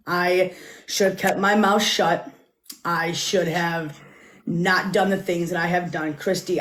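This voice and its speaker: Woman saying sorry real calm, keeps stumbling and repeating, echoey room. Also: fairly low pitch. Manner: halting, repeats herself, calm and earnest. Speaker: livestream guest. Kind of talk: public apology on a livestream.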